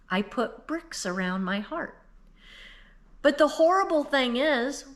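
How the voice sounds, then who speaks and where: A woman in her fifties giving an earnest, emotional devotional talk, speaking straight to the listener and tearful at times. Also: medium pitch. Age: 50s. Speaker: Christian speaker.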